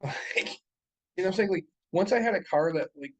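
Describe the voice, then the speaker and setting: A young man with a slightly raised pitch rambles through a casual podcast chat. He swears freely, piles on fillers and restarts, and laughs as he tells his stories. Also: expressive, fairly quick, poor audio. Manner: profane, rambling storytelling with frequent laughs and fillers. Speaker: podcast co-host.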